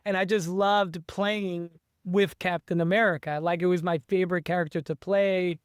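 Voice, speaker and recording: A man's voice: high voice, steady tone, moderate pace, smooth, no room sound, studio quality. A man, an author being interviewed, talking in an eager, rambling way with many restarts. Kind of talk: casual interview chat.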